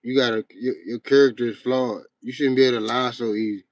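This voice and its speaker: A man's voice: mid-range voice, steady tone, fast, dry recording. A young man hosting a livestream, talking bluntly and profanely in a rambling, casual way to his chat. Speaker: livestream host.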